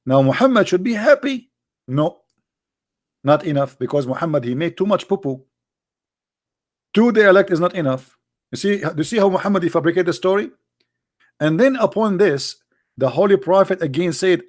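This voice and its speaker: A man's voice: high-pitched, animated, normal speed, long pauses. A man giving an argumentative monologue as a religious commentator, mocking and emphatic, full of rhetorical questions, in non-native English grammar.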